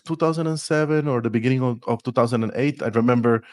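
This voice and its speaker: This podcast guest, a man in his forties from Costa Rica, tells stories in English with a Costa Rican Spanish accent. He speaks at a quick pace and medium pitch, lively and laughing, restarting often. It's a dry recording of a storytelling interview.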